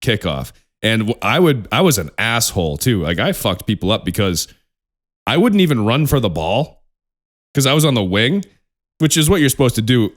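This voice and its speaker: A young man co-hosting a podcast in casual chat, animated and profane, laughing often. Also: medium pitch, moderate pace. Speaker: podcast co-host.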